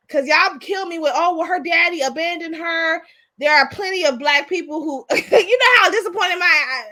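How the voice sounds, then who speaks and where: A woman's voice: sits high, pushed and bright. Blunt, profane woman ranting. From Jamaica. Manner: blunt, profane, rambling with many restarts. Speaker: podcast host. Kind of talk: casual opinion rant.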